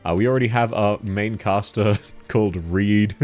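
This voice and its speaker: A man with a deep timbre chatting casually and jokily while streaming a game, laughing often. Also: moderate pace, darkish tone, faint music behind. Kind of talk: casual gaming stream chat.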